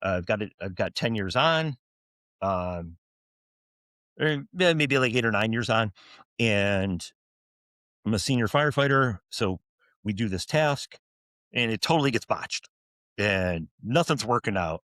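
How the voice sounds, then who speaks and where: A man's voice: fairly low pitch, animated, measured pace, pauses often, a bit bright, dry recording, clean studio sound. A man in his forties, a firefighter officer, telling stories in an interview with earnest restarts and fillers. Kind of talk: storytelling interview answers.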